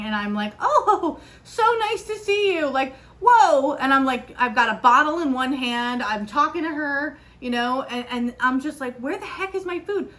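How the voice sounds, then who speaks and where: A young woman hosting a podcast, telling a story in a chatty, animated way with lots of fillers. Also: on the high side. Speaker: podcast host. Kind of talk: casual solo podcast chat.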